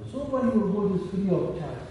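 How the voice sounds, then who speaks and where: A man's voice: high voice, animated, a little fast, lo-fi sound, a little hiss or hum. A man preaching a sermon in a mosque, telling stories and mixing in Arabic and Urdu phrases. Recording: echoey hall, distant mic.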